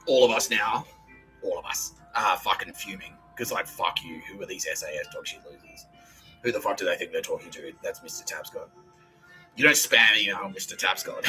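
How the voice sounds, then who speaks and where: An Australian-accented podcast host launches into a rambling monologue, agitated and laughing, full of swearing. His lowish voice has a sharp tone, and the recording quality is low.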